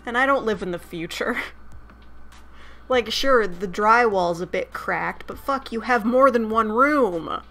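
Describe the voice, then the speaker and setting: A woman's voice: a little high, a little slow, sharp tone. A woman streaming a dating sim, chatting casually, swearing freely and reading the game text aloud between her asides. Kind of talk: casual gameplay commentary.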